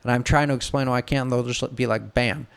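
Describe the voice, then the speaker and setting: A man's voice: mid-range voice, steady tone, quick pace, vocal fry, smooth. A middle-aged man from the Detroit area telling a story in casual talk, frank and profane, acting out the voices of people he quotes. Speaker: podcast co-host telling a story.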